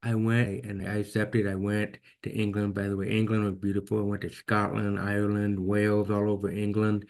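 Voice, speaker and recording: A man's voice: on the low side, completely flat delivery, a little fast, gravelly, hardly any pauses, a little mellow. A man with a deaf accent, telling his own story as an interview guest in an earnest, reflective way. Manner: earnest, reflective, repeats words when restarting.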